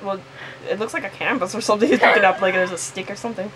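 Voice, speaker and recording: A woman's voice: medium pitch, steady tone, very fast. A young woman casually making up the story of a comic, giggling and rambling. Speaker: commentator improvising a comic's story. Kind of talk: casual playful commentary. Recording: noisy home recording.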